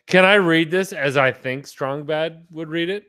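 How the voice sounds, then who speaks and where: A man's voice: a little high, measured pace, sharp tone. A man co-hosting a casual podcast, joking around and swearing freely. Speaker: podcast co-host.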